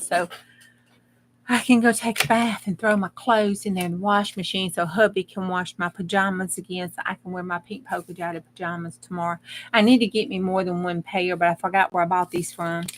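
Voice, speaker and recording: A woman's voice: medium pitch, fairly bright tone, slight background noise. Folksy woman crafting live. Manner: rambling, folksy, talks to the chat as she works. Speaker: crafting livestream host. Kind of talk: casual chat while crafting.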